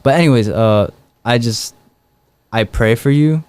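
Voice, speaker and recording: A man's voice: mid-range voice, a little slow, darkish tone, clear, resonant tone, no room sound. A young man, a street evangelist, telling stories in a casual interview, full of fillers and acted-out dialogue. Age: young adult. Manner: rambling, many fillers and quoted dialogue.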